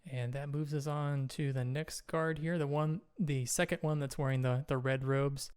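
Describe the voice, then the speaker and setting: A man running a tabletop game as game master, narrating the action and checking rules in a steady, descriptive way. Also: a little high, normal speed, clean tone.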